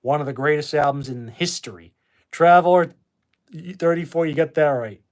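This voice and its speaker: A man hosting a live stream from his room at home, reading chat and answering bluntly with plenty of swearing. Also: on the high side. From Boston. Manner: blunt, profane, quick to dismiss with a laugh. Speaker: livestream host reading chat. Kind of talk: casual livestream chat.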